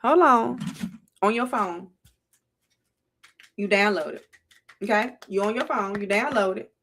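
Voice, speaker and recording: A woman's voice: medium pitch, a little slow, fairly bright tone, slight background noise. A middle-aged woman with a Southern US accent, hosting a casual livestream in a playful, preachy way and talking to her chat. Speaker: livestream host.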